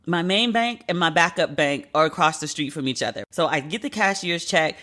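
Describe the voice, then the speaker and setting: Bright-voiced woman podcast host venting. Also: sits low, a little fast. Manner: animated, profane venting. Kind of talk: solo podcast monologue.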